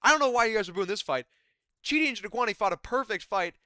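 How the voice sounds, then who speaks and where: A man's voice: high voice, animated, quick pace, bright, forceful tone, no echo, studio quality. A man giving a rambling, profane, exasperated casual recap of a fight card. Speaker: MMA commentary YouTuber.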